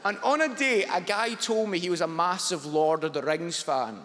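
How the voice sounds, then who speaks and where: A man's voice: high-pitched, moderate pace, long reverb tail, heavy background noise. A man doing stand-up comedy, telling self-mocking stories on a large theatre stage. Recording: live theatre with loud audience.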